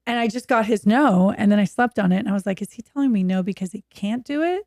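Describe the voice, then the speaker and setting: A woman's voice: medium pitch, fast, dry recording. Woman, fifties, from Oregon, candid storytelling, acts out voices, dry close sound. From Oregon, USA. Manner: animated, acts out quoted voices. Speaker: guest. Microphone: video call.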